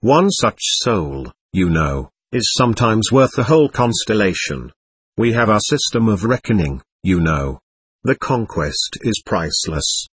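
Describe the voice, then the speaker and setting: Suave devil gentleman, ironic, worldly, husky tone, lively pitch, read by a man. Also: measured pace, no echo, exaggerated voice. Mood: mocking. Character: suave, mocking male devil, a gentleman visitor. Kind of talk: audiobook character reading.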